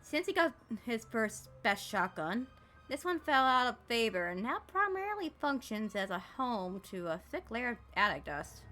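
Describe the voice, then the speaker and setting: A woman's voice: on the high side, moderate pace, faint music behind. A woman streamer reading a game's text aloud and joking about it as she plays. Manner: animated, jokey, mocks the game text. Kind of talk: reading game text aloud with playful commentary.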